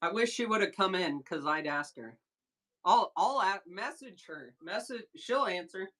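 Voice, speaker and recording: A woman runs a casual live sales stream, talking to her viewers and reacting loudly to their comments. Her voice is bright and forceful, and she takes her time getting the words out. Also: mid-range voice, measured pace. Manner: excitable, chatty, reads chat aloud. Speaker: livestream seller host. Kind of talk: casual livestream chat with viewers.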